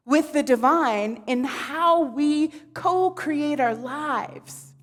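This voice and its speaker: Slow-speaking woman minister. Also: a little high, in a large hall. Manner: relaxed and conversational, with frequent asides. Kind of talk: sermon. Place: church sanctuary.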